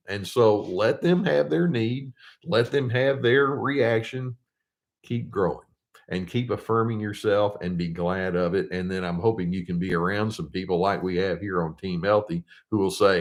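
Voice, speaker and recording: Older male therapist-host, lower voice, gentle and reflective, lots of hesitant restarts. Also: normal speed. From United States. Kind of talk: casual advice talk to viewers.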